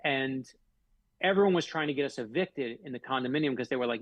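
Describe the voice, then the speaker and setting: A middle-aged man from Florida tells heartfelt stories as a guest on a radio show. His voice is gravelly and husky, and he leans hard on the big lines. The sound is close and dry. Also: mid-range voice, animated, fast, dry recording. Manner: heartfelt, emphatic, builds stories to a punch. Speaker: author guest. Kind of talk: earnest storytelling in a radio interview.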